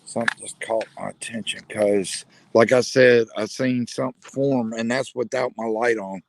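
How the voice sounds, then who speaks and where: A man investigating the paranormal at night outdoors, calling out questions to unseen spirits in a hushed, probing way. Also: medium pitch, fairly even intonation, normal speed, vocal fry, slight background noise. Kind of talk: ghost-hunting vlog narration. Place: outdoors at night near a building.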